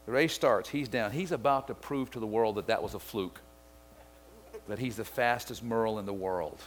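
A man's voice: fairly low pitch, moderate pace, slight background noise. A middle-aged pastor from Mississippi preaching a sermon, telling a story and driving home his point. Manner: storytelling, builds to excited shouting.

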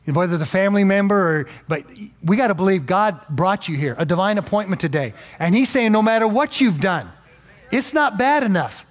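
A man's voice: sits high, animated, brisk. A male pastor preaching a sermon in a folksy, emphatic way with joking asides.

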